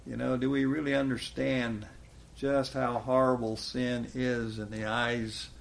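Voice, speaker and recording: A man's voice: mid-range voice, little pitch movement, a little slow, vocal fry, a little hiss or hum. A man preaching a sermon in a folksy way, chuckling often and quoting scripture with rising emphasis.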